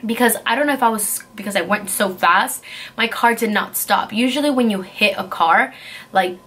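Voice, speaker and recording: A young woman vlogger telling a story in a casual, fast, breathless way, full of fillers. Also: on the high side, a bit bright, slight background noise. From California.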